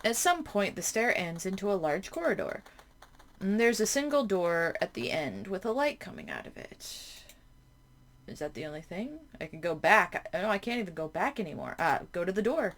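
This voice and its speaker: A woman's voice: medium pitch, sing-song, normal speed. A woman playing a horror game, reading its text aloud and breaking off for startled, chatty asides. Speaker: game streamer.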